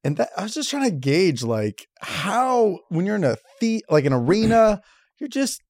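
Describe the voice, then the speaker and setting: A man's voice: high-pitched, sing-song, moderate pace, darkish tone, no room sound, studio quality. A man co-hosting a casual chat, riffing with jokes. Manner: joking, riffing interjections. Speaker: podcast co-host.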